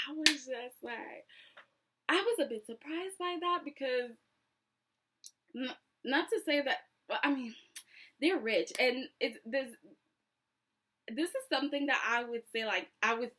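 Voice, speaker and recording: A woman chatting casually through a reality TV recap, animated and sassy, acting out what people said. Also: on the high side. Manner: chatty and animated, acts out quotes with sassy asides.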